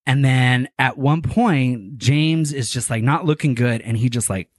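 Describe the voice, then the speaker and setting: A man telling a long story in casual chat, animated and full of filler words and swearing. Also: mid-range voice, unhurried, slight background noise.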